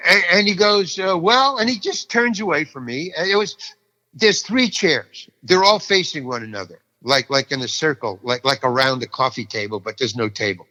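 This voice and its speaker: A man's voice: a little high, animated, normal speed, sharp tone, big-room sound, dull audio. An older man telling a story about an audition, acting out the people in it and often repeating himself. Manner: restless, repeats himself, acts out each person in the story. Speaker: actor telling an anecdote. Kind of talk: animated storytelling.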